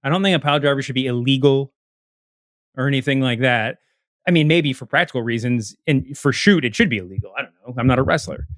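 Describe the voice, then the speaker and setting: A man's voice: medium pitch, quick pace, a bit bright, no room sound, studio quality. A man co-hosting a podcast in casual chat, rambling and cutting himself off with lots of fillers. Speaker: podcast co-host.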